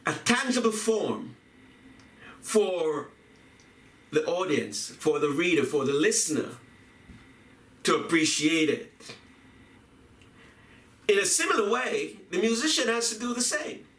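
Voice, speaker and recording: A man giving a reflective talk on poetry and music, speaking deliberately, repeating phrases and chanting rhythms aloud. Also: sits high, very animated, fairly bright tone. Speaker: video essayist on poetry and music. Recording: echoey room, voice from a distance.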